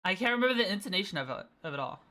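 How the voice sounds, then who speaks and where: A woman's voice: mid-range voice, very animated, very fast, sharp tone. A woman streaming a flight game, chatting casually with her viewers, playful and laughing often. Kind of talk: casual gaming stream chat.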